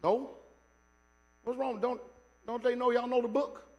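A man preaching a sermon, telling stories with sudden loud bursts and then dropping to joking asides with the congregation. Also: very high-pitched, fairly even intonation, a little slow, muffled recording. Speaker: pastor. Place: church sanctuary.

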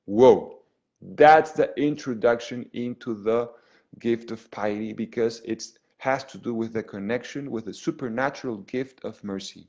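Earnest priest teaching, loud then hushed. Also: male voice, medium pitch, moderate pace. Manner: earnest, with frequent restarts and checking "okay?"; swings between loud emphasis and soft, hushed phrases. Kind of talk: spiritual teaching to an online group.

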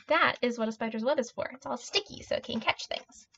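A preschool teacher, a woman, reading a picture book aloud to young children in a gentle, expressive, child-directed way. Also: high-pitched, normal speed. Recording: dull lo-fi audio.

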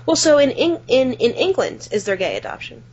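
A woman's voice: sits high, sing-song, fairly quick, a little mellow, slight background noise. Playful teasing woman podcast co-host. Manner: playful teasing, affectionate, jokey. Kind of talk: casual chat. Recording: slightly dull lo-fi audio.

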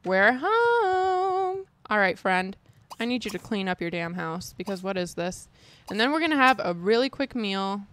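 A woman streaming a life-sim game talks her way through it in a casual, chatty commentary. Her pitch sits at an ordinary middle height for a woman. She sounds exasperated and throws in light swearing. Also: fairly quick, fairly bright tone. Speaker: gaming streamer.

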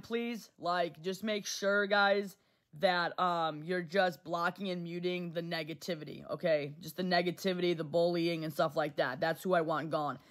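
A woman's voice: fairly low pitch, a bit bright. Blunt, heated woman streamer. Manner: heated, blunt, repeats herself; swears freely. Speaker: livestream host. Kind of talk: casual livestream talk to chat.

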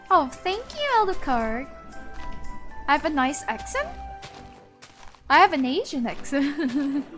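Very high, bright-voiced excitable woman streamer. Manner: excitable, laughs often, yells at the game. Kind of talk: casual gaming livestream chat.

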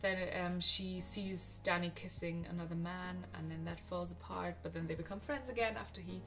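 A young woman with a lowish, fairly bright voice speaks at a moderate pace with fairly even intonation, over soft background music. A film vlogger, she casually recommends favourite films to camera, chatty and gushing, with frequent ums and restarts.

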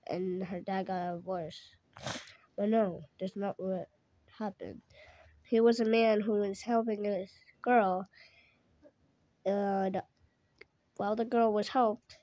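A woman's voice: mid-range voice, warm tone, no room sound. A woman telling an improvised story in a rambling way, often stopping to correct herself.

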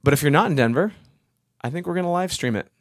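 Between songs on his music live stream, a middle-aged host rambles casually and calls out thanks to viewers by name. He talks quickly in a rather high voice with lively intonation, and a long reverb trails his words.

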